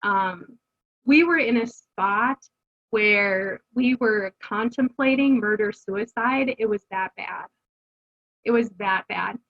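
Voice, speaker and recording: Speaking slowly at a medium pitch, a homeschooling mom in middle age recounts her family's history as an interview guest. It's earnest, conversational personal storytelling peppered with fillers and false starts, and the audio sounds dull.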